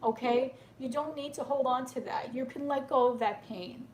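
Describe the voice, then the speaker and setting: A woman's voice: sits high, moderate pace, darkish tone, slight background noise. A woman doing a live tarot reading for viewers, speaking in a soothing, reassuring way and often checking in with "okay?", sounding tearful and emotional. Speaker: tarot reader.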